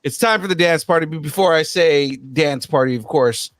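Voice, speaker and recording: A man's voice: fairly high pitch, normal speed, dry recording. A man co-hosting a pop culture podcast in casual, joking chat, often laughing at his own bits. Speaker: podcast co-host.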